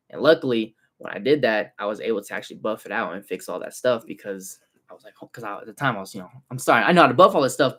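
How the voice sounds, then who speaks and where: A young man, a car detailer telling stories on a casual livestream, animated and slangy, swearing freely. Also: medium pitch.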